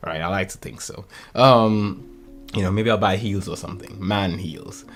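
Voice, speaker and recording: Low-voiced man chatting casually. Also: normal speed, soft background music. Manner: rambling, animated storytelling with laughs. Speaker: podcast host. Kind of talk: casual chat.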